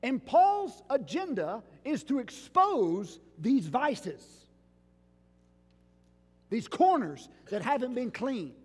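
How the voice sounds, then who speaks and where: A man's voice: very high voice, sing-song, takes it slowly, a little mellow, husky, long reverb tail. A man preaching a sermon as pastor, driving his points home with repeated rhetorical questions.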